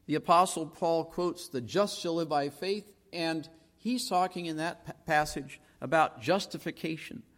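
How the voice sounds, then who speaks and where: A man preaching a sermon as pastor, measured, slowing down to stress each verse he quotes. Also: a little high. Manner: measured preaching with slow emphatic quoting of verses. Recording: long hall reverb.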